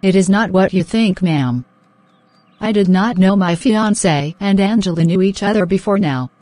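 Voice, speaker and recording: A woman's voice: medium pitch, normal speed, no echo, natural voice. Brief: woman doing a frazzled young woman, snappy and worried, dry close sound. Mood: fretful. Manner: exasperated, sharp-tongued, fretful. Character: flustered, anxious young fiancée. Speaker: voice actor in animated drama.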